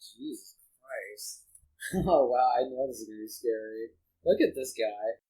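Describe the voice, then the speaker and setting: A man's voice: mid-range voice, unhurried, mellow, poor audio. Rambling, earnest man chatting casually. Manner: rambling, earnest, frequent restarts. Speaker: podcast guest. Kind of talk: casual reaction chat.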